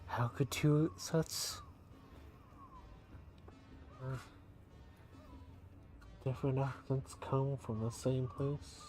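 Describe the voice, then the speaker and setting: A man's voice: medium pitch, steady tone, very slow, long pauses, darkish tone, soft background music. A man hosting a casual game playthrough, musing and hesitant with a self-deprecating manner. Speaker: let's play host.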